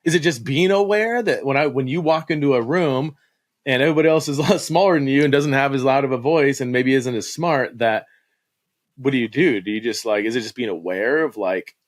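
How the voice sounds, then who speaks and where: A man's voice: medium pitch, brisk. A man in a mid-range voice hosts a casual podcast, chatty and often laughing, asking long, rambling questions. His voice sounds dry and close, with no room echo. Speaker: podcast host. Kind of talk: casual conversation. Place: home basement.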